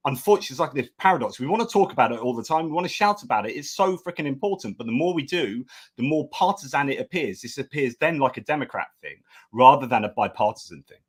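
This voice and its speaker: A male guest commentator talks through a political argument step by step, in a thoughtful, explaining manner. His voice sits at an ordinary middle pitch for a man. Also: expressive, fast talker, husky. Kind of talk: analytical discussion.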